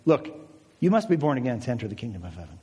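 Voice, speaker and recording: A man's voice: mid-range voice, big pitch swings, rapid-fire, mellow, slightly rough, pitched below the performer's own voice. A man preaching, voicing Jesus as a blunt, matter-of-fact adult man. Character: Jesus, calm adult man cutting through flattery. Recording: reverberant hall.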